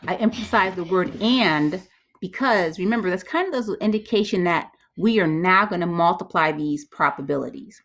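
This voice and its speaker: This math teacher has a mid-range voice and speaks a little slowly. She works through probability problems out loud one step at a time, chatting along and catching her own mistakes.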